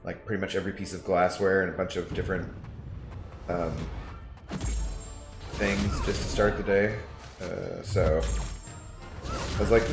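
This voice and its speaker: A man's voice: sits low, fairly even intonation, measured pace, gravelly, pauses often. A man streaming a game, chatting casually to his viewers in a rambling way with frequent fillers. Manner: rambling, talks to chat with fillers. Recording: echoey room, faint music.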